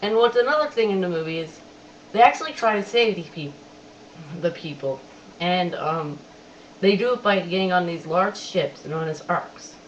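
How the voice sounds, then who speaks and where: A casual webcam movie reviewer who talks chattily, keeps repeating that he has to admit things, and quotes lines with animated emphasis. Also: medium pitch, moderate pace. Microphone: webcam microphone. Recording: distant dull webcam audio, faint hiss.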